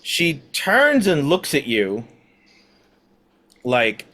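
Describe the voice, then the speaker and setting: A man narrating as game master of a tabletop game, halting with many fillers. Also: mid-range voice, big pitch swings, fairly bright tone.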